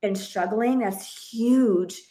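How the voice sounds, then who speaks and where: A woman's voice: medium pitch, drawn-out words, dark tone. A woman in her thirties, a parenting coach hosting a podcast, talking earnestly and expressively, often restarting her sentences. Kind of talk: casual podcast conversation.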